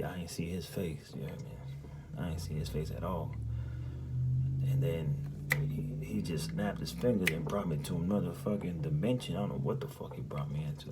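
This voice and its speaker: A man telling a story in casual, profane, rambling speech, often asking "you hear me?" and dropping into a hushed half-whisper. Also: sits low, background noise. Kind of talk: casual spoken recounting of a dream.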